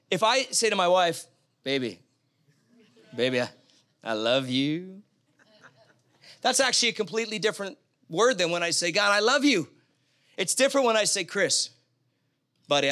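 A man with a high, bright voice delivers a sermon in a church, talking easily and animatedly. He throws questions and asides out to the congregation as he goes. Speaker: pastor.

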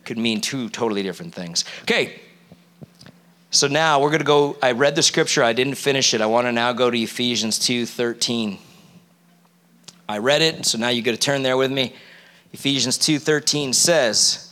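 A man preaching a sermon to a live congregation, animated and often quizzing the audience. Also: mid-range voice, normal speed. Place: church.

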